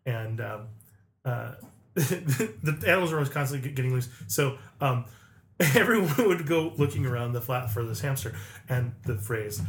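A man's voice: mid-range voice, lively intonation, normal speed, a little hiss or hum. A man hosting a casual podcast chat, playful and laughing, slipping into comic voices as he tells stories. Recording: echoey room.

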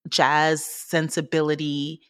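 A woman's voice: low voice, completely flat delivery, slow, dry recording, studio quality. A young woman co-hosting a podcast in casual chat, laid-back and slangy, laughing easily. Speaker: podcast co-host.

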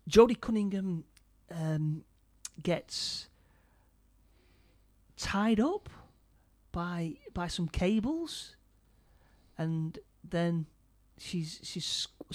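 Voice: medium pitch, drawn-out words, darkish tone. A speaker casually retelling a film's plot scene by scene, stumbling over and repeating words. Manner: stammering, repeats words often.

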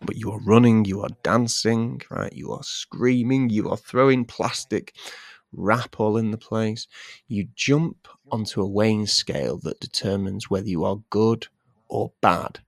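A man with a low, gravelly voice spins absurd improvised stories, his pitch leaping all over as he giggles through them. He takes his time, unhurried and dry in a close, dead room. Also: no room sound. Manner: animated, playful, trailing into giggles. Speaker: podcast co-host. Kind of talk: improvised comic storytelling.

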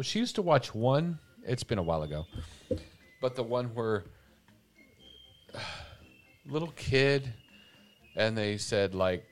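A man's voice: mid-range voice, sing-song, measured pace, long pauses, soft background music. A man hosting a morning show, chatting casually and telling bemused, rambling stories. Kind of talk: casual chat.

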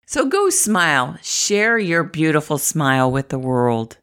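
A middle-aged woman from the Midwest speaks with a low, lively voice that rises and falls a lot. She talks to the viewer in a chatty, encouraging way, often laughing. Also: a little slow, few pauses, clean tone. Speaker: inspirational vlogger. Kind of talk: upbeat motivational talk to camera.

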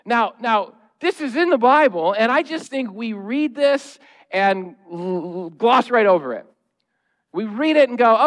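High-voiced joking pastor. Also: male voice, lively intonation, measured pace, a bit bright. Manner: humorous, conversational, acting out noises and quotes. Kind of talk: sermon. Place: church sanctuary.

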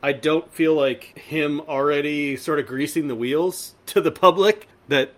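A man's voice: fairly high pitch, unhurried, hardly any pauses, a bit bright. A man co-hosting a pop-culture podcast in casual chat, rambling with many fillers and restarts. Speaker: podcast co-host.

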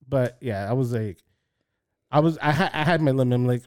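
A man chatting casually and telling an animated story, acting out the quoted voices with sudden jumps in pitch. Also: brisk, long pauses, smooth, dry recording, studio quality. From South Florida. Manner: acts out quotes with jumps in pitch, swears freely.

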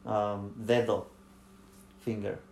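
Low-voiced Spanish-native man, patient co-host, echoey room. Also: little pitch movement, a little mellow. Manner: patiently teaching pronunciation, repeating sounds slowly. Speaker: podcast co-host. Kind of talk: casual chat. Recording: echoey room with faint noise.

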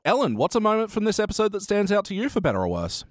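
A man hosting a podcast in a relaxed, jokey way, steering the chat and swearing offhandedly. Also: high voice, very fast, dry recording, clean studio sound. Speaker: podcast host. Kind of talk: casual chat.

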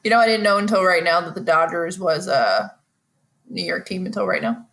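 A woman's voice: lowish voice, expressive, fairly quick, vocal fry, a bit bright. Young woman, casual podcast co-host, wry and dry. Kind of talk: casual chat.

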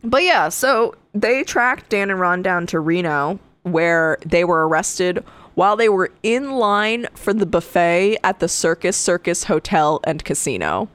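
A woman co-hosting a true crime podcast, reading case details in a casual way and breaking into profane, animated asides. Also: fairly low pitch, measured pace, few pauses, dry recording. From Connecticut. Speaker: podcast co-host.

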